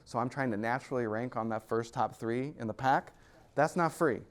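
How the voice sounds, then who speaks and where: Guy giving a lively talk in a meeting room, cracks jokes, ordinary middle pitch. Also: a little fast, smooth. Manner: energetic and joking, laughs between points. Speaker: guest speaker at an investor club. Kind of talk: live presentation to an audience.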